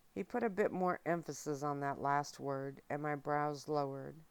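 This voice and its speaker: Slow, low-voiced woman reading softly. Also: creaky, clean tone, no echo. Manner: soft, steady, unhurried narration. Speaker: audiobook reader. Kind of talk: soft ASMR book reading.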